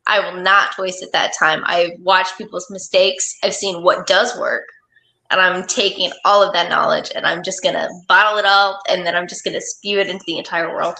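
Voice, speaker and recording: A self-assured woman in her late twenties, chatting as a podcast co-host with emphatic, animated bursts. Her voice is bright and fairly low, and it rings in a roomy, echoey space. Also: moderate pace. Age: late 20s. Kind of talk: casual podcast chat. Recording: roomy echo.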